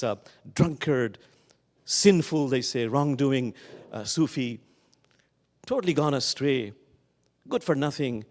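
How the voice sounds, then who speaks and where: A man's voice: mid-range voice, a little mellow. Man preaching in a reverberant hall. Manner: slow, lingering emphasis on key words. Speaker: guest speaker at a Sunday service. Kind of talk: sermon with storytelling. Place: church sanctuary. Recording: long reverb of a large hall.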